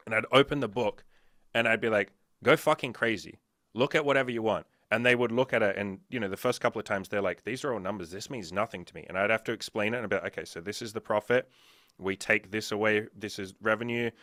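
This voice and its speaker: Profane, animated man on a podcast. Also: lowish voice, fast talker, no room sound, clean studio sound. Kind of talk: casual podcast chat.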